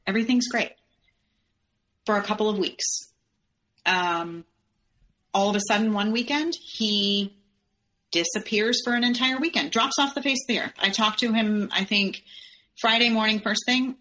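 A woman's voice: mid-range voice, normal speed, sharp tone. A woman as a podcast guest, candidly recounting a personal story and acting out the quoted dialogue as she tells it. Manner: candid, acts out quoted dialogue in her retelling.

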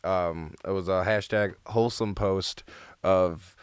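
A man's voice: deep voice, steady tone, takes it slowly, clean tone, no echo. A man interviewing a musician in a casual chat, hesitant with many fillers and frequent laughs.

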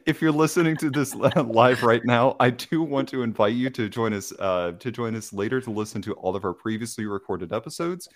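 A young man hosting a podcast, moving between scripted announcements and loose chat. He trips over words now and then and laughs at his own slips. His voice sits at a middling pitch. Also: brisk, hardly any pauses. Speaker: podcast host. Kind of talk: podcast intro and casual chat.

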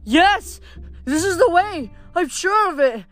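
A woman's voice: high voice, expressive, moderate pace, fairly bright tone, no echo, faint music behind, voice pushed up. A woman voicing an earnest young male satyr who speaks in an eager, pleading way.

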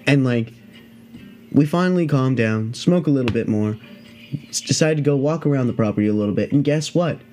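A man's voice: medium pitch, a little fast, darkish tone, faint music behind. Profane, rambling male storyteller. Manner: profane, rambling, filler-heavy. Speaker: podcast host. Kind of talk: casual storytelling.

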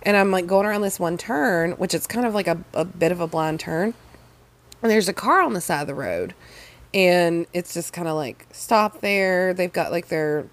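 A young woman telling a story in casual chat, lively and swearing freely. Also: lowish voice, moderate pace. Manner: animated, swears freely, acts out quotes. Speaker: podcast co-host.

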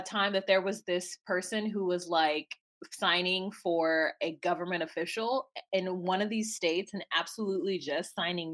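A woman co-hosting a casual podcast, recapping a reality show in an animated way, laughing and acting out quotes. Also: mid-range voice. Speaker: podcast co-host.

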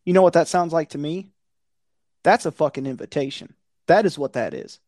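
A man's voice: fairly high pitch, expressive, fairly quick, darkish tone, dry recording. Blunt, profane man ranting in a dry room. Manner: conspiratorial tone. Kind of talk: casual chat.

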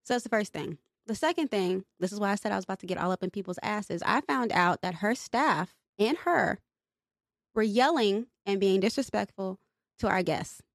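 A woman's voice: mid-range voice, animated, moderate pace, creaky, no echo, studio quality. A young woman co-hosting a podcast, venting in casual chat and swearing freely. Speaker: podcast co-host.

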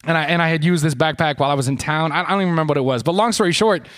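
A man with a rather high voice tells a long comic story on a live podcast stage. He rambles and restarts, swearing freely and mocking himself along the way. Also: racing, a bit bright.

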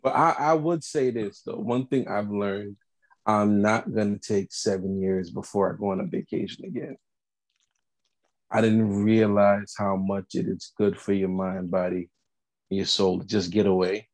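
A man's voice: lowish voice, fairly even intonation, unhurried, darkish tone, no room sound. A young man hosting a podcast in casual, playful chat, joking and laughing with his co-hosts. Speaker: podcast host.

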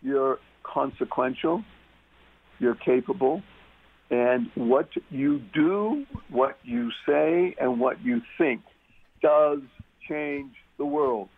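A man's voice: fairly high pitch, expressive, takes it slowly, vocal fry. A man talking as a guest on a talk radio show, emphatic and repeating key words for stress. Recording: muffled phone-line radio sound.

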